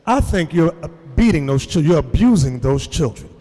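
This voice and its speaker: A man's voice: on the high side, animated, normal speed, mellow, long reverb tail. A man voicing a suspicious mother-in-law who pries and questions in an accusing way. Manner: prying, questioning.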